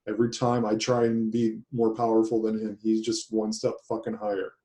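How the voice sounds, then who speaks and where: A man in a tapping therapy session, venting his anger and fear in a profane, halting way with heavy sighs. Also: on the low side, monotone, dark tone. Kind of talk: emotional therapy session talk.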